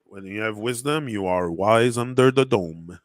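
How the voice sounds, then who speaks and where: A native French speaker hosts a casual motivational livestream in French-accented English, rambling loosely with plenty of fillers and restarts. His voice is on the low side and a little slow. The studio-quality recording has no room sound.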